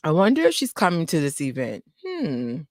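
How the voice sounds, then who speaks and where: A young adult woman hosting a casual fan live stream from home on a desk microphone, chatty and excitable, greeting viewers by name and laughing often. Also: deep voice, normal speed. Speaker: fan channel host.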